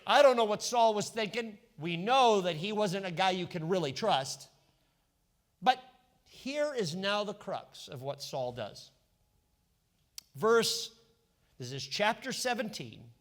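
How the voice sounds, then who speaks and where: A male pastor preaching a sermon, telling a Bible story with lively voices for its characters. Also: high voice, slow, long pauses. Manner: animated storytelling, acting out biblical characters.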